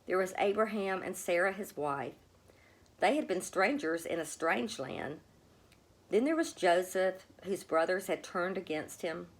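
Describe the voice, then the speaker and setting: A woman reads a children's story aloud in a gentle, expressive way. Her voice sits a little low, yet it swings widely up and down as she tells the tale. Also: unhurried. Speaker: storybook reader. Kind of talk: storybook read-aloud narration.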